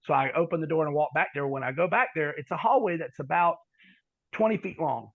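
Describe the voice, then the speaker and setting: A man's voice: a little high, fairly quick, narrow, tinny audio. A man as a podcast guest, telling a story in a rambling, folksy way with many restarts. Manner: rambling, self-correcting, folksy. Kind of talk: casual storytelling.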